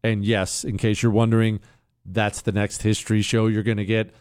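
A man hosting a talk radio show, sarcastic and chatty, often jumping into a mocking high pitch. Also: level tone, moderate pace, a little mellow, clean tone, no room sound, studio quality. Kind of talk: casual talk radio commentary.

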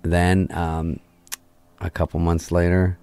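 This middle-aged guest's voice sits low and smooth, and he takes his time. Telling his story in an easygoing chat, he cusses liberally and acts out everyone's quoted lines with plenty of animation.

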